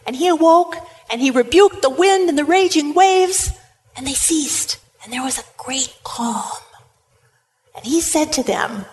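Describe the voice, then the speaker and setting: Woman preaching a sermon, lively storytelling, talks right to the crowd, higher voice. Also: a little slow, slight background noise. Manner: lively retelling, addresses the congregation directly.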